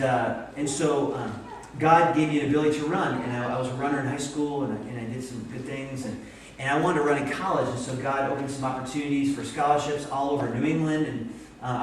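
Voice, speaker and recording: A man from Vermont preaching a sermon in a church, telling stories in an animated, self-deprecating way. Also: mid-range voice, a little hiss or hum. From Vermont, USA. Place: church sanctuary. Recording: echoey church hall, distant mic.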